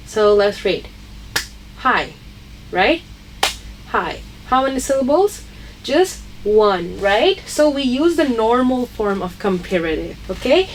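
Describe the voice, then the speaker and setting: A woman's voice: on the high side, a little hiss or hum, poor audio. A woman teaching an English grammar lesson, patiently explaining and checking in with her class after each point. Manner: patient, checks in with "okay?" and "right?".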